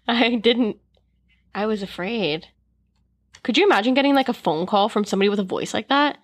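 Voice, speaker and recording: A woman's voice: a little high, moderate pace. A woman co-hosting a podcast in casual chat, giggly and a little bashful. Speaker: podcast co-host.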